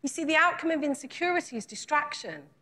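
A woman's voice: high voice, lively intonation, fast, bright, forceful tone. A woman preaching a sermon, retelling scripture in a conversational way and putting earnest, repeated questions to her congregation.

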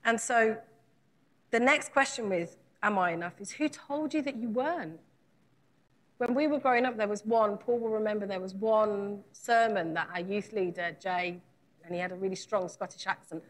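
A woman's voice: mid-range voice, normal speed. A woman preaching a sermon, retelling scripture in a conversational way and putting earnest, repeated questions to her congregation.

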